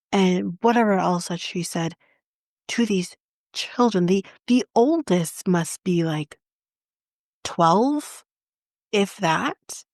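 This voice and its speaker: A woman's voice: mid-range voice, darkish tone, dry recording, studio quality. A Canadian woman co-hosting a podcast, retelling a story in casual chat in an indignant, impassioned and blunt way. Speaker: podcast co-host.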